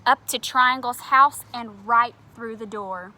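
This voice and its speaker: Addressing young viewers directly, a woman with a voice on the high side reads a picture book at home. She goes slowly, keeping her reading gentle and expressive.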